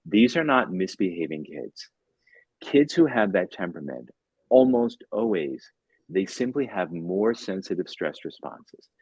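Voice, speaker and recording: A man in his fifties, a tutor and author, telling a story as a podcast guest in a lively way, acting out bits of dialogue and often repeating words. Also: sits low, measured pace, breathy edge, no room sound, rough recording.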